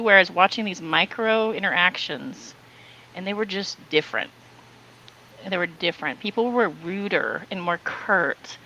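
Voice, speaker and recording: A woman tells a story on a casual podcast, bright and forward in tone. She talks in an animated way, laughs often and acts out other people's lines. There is a faint hiss behind her. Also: mid-range voice, rough recording. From Southern California. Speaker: podcast co-host.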